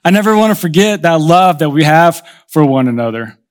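A man's voice: a little high, lively intonation, fairly quick. A man in his thirties preaching a sermon as pastor, telling stories conversationally and acting out the voices of people in them. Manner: conversational storytelling, acts out quoted voices.

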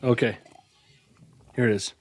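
A man's voice: medium pitch, steady tone, unhurried, a little mellow, slightly rough, dry recording. A man co-hosting a podcast in casual chat, throwing questions at his partner, telling jokes and swearing casually. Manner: joking, asks lots of questions. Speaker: podcast co-host.

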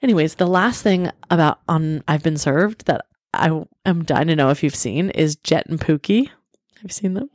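A woman's voice: low-pitched, moderate pace, a little mellow, dry recording, clean studio sound. A woman in her thirties co-hosting a podcast, chatting casually and rambling with lots of filler words. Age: 30s. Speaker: podcast co-host. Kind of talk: casual chat.

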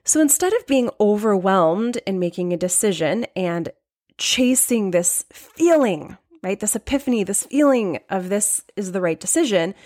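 A woman hosting her own podcast, talking earnestly in a conversational way, often repeating key lines for emphasis and adding "right?" asides. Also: medium pitch. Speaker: podcast host. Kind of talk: solo podcast talk on decisions.

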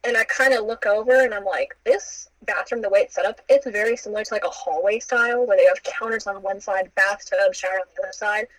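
On a rough, dry recording, a young woman with a medium-pitched voice races through a casual story, barely pausing. She acts out the quotes with animation, adding playful asides and laughing.

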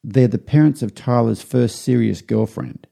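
A middle-aged man hosting a podcast, telling a rambling anecdote and acting out what people said in a higher voice. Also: normal speed, creaky, dark tone. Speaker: podcast host. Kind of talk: casual storytelling.

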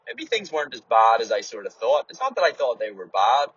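A man's voice: mid-range voice, huge pitch swings, fairly quick, a bit bright, breathy edge, no room sound. A man from Ireland talking casually to his podcast listeners, rambling and swearing a lot as he restarts his words. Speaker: runner and podcast host. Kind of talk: casual solo podcast monologue. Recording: dull lo-fi dry recording.

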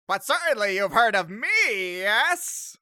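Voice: medium pitch, very animated, slow, sharp tone, no echo, clean studio sound, voice pushed up, full character voice. A game master voicing a huge, showy male skeleton in a tabletop game, cheery and theatrical.

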